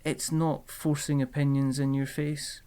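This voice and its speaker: A man hosting a casual podcast chat, chatty and quick to laugh. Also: a little high, level tone, mellow, clear, resonant tone. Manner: chatty, laughs often, lots of fillers. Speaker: podcast host.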